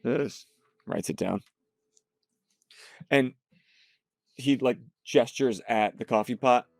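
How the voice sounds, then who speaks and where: A man running a tabletop game as game master, narrating scenes with unhurried description. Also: mid-range voice, creaky, no echo, studio quality.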